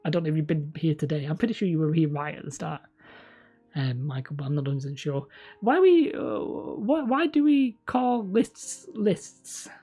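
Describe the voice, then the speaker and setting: Husky woman with a slight lisp. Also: sits low, animated, brisk, dark tone, faint music behind. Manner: rambling, self-correcting, laughs often. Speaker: host streaming live and reading chat. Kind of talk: casual livestream chat.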